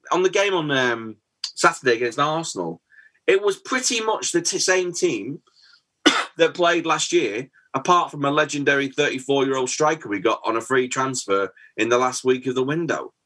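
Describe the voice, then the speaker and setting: A man in his forties co-hosts a football podcast in a casual chat, his voice on the high side, bright and forceful. He tells anecdotes and acts out the dialogue within them.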